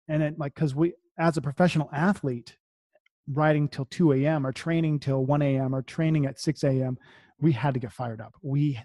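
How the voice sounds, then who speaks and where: Mellow-voiced man, dry close mic. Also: on the high side, no echo. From US East Coast. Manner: energetic, repeats words, reads affirmations aloud. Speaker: podcast guest. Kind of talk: casual podcast conversation.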